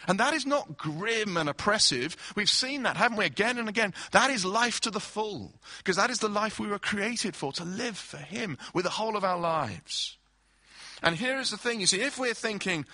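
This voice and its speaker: A man's voice: high voice, animated, normal speed, sharp tone, dry recording. A man preaching a sermon, explaining scripture through everyday illustrations and acted-out quotes.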